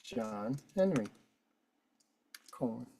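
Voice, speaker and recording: Hosting an online meeting over video call, a man guides people through a form casually, cursing and picking fights as he fills it in. His medium-pitched voice is creaky and warm, with lively intonation and drawn-out words, over a little hiss or hum.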